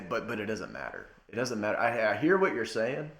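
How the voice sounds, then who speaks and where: A man's voice: wildly swooping pitch, brisk, creaky, few pauses. Emphatic young man ranting in an echoey room. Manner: emphatic, swings from loud outbursts to low muttering. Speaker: wrestling commentator. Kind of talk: casual rant to camera.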